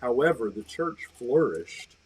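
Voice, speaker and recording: Husky guy leading a bible study, asks questions, teases a bit. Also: medium pitch, sing-song, unhurried, rough recording. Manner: warm, teasing, guiding questions. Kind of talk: casual livestream discussion.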